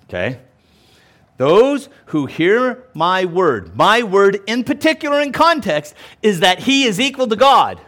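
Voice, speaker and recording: Male pastor, Bible teaching, fairly high voice, very animated pitch, emphatic and repetitive. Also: a little slow. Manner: animated, emphatic, explains and repeats points; casual asides and self-restarts. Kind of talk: verse-by-verse Bible teaching sermon.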